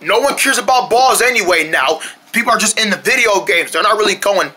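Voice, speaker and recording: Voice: medium pitch, lively intonation, brisk, bright, forceful tone, a little hiss or hum. A performer voicing a bossy, argumentative young cartoon boy who bickers and whines. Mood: lecturing. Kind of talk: homemade cartoon voice acting.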